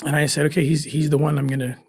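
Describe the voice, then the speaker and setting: A man's voice: fairly high pitch, little pitch movement, fast talker, darkish tone, slightly rough, dry recording. A middle-aged man, a guest in an interview, telling a first-person story in an earnest way that halts with emotion.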